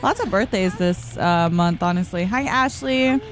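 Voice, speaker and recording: A woman's voice: mid-range voice, unhurried. A woman streamer casually chatting with her viewers while playing a game, laughing often and reading the chat aloud.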